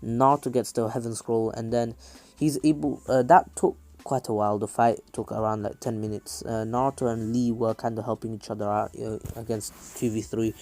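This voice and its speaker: Mellow-voiced young man rambling a story. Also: mid-range voice, level tone, normal speed. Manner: rambling, many fillers and restarts. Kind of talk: casual fan-fiction storytelling.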